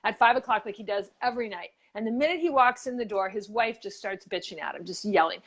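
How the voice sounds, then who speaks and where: A woman co-hosting a casual motivational show, her voice sitting a touch higher than most. She rambles through stories and pitches, full of fillers and restarts. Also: lively intonation, fast. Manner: chatty storyteller, many fillers and restarts.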